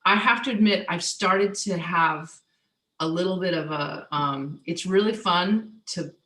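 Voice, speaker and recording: Woman chef chatting on stage, bright voice, jokey and lively, echoey room. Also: on the low side, measured pace. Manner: animated, joking, laughs often, trails off and restarts. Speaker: chef and author, guest. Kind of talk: casual conversation on stage.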